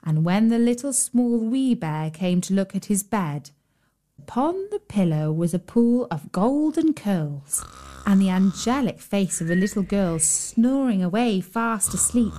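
A woman narrating a bedtime fairy tale as a storyteller, with a gentle storybook cadence. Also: mid-range voice, lively intonation, a little slow.

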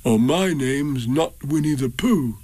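A man's voice: medium pitch, expressive, slow, a little mellow, husky, no room sound. Winnie the Pooh, a man voicing an earnest bear. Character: kindly, simple-minded male teddy bear. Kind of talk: storybook reading.

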